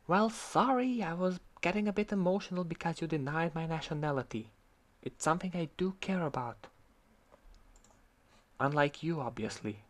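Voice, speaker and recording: A man's voice: a little high, normal speed, long pauses. A man from Croatia, ranting in sarcastic, heated commentary about an online argument and swearing freely. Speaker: vlogger.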